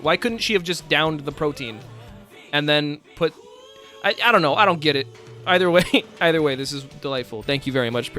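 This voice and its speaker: A man's voice: a little high, sharp tone. A man streaming live, chatting casually, laughing often and swearing as he rambles.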